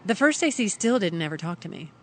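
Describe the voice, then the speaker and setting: A woman's voice: lowish voice, quick pace, a little hiss or hum. A middle-aged woman from Kentucky, a podcast guest telling a story and acting out the lines of the people in it. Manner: animated, acts out others' lines when quoting them. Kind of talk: storytelling in casual conversation.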